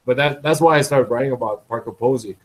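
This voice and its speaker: A man's voice: mid-range voice, fast talker, low-quality recording. Rambling man chuckling through a story. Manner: repetitive, restarts often, chuckles between phrases. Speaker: blogger. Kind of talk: casual rambling monologue.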